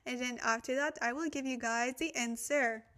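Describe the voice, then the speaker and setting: A woman's voice: fairly high pitch, fairly even intonation, normal speed, fairly bright tone. A young woman, a little tired, hosting a chatty language-study livestream, thanking viewers and laughing at her own slips. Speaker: Korean language livestream host. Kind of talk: casual livestream teaching.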